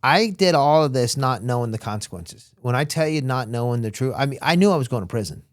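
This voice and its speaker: A man's voice: medium pitch, quick pace, dry recording, studio quality. A man from Florida, a guest on an interview show, telling his story in casual talk and acting out what other people said. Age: young adult. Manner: animated, acts out quotes of others. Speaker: interview guest, former smuggler.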